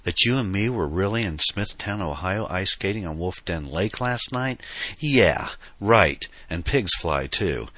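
A man's voice: low-pitched, animated, measured pace, sharp tone, no echo, voice pushed up, full character voice. A man reading an audiobook, voicing a troubled, skeptical young musician who tells his story in an earnest, confessional way. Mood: incredulous.

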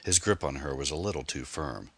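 A man narrating a novel in a measured, steady storytelling manner. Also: a bass voice, dry recording. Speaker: audiobook narrator.

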